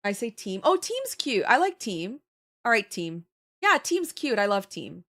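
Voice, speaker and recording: A young woman chats casually on her live stream. Her voice sits at a middle pitch, and she laughs easily. She is animated and talkative as she reacts to her viewers' comments. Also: a little slow. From Canada. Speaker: livestreamer.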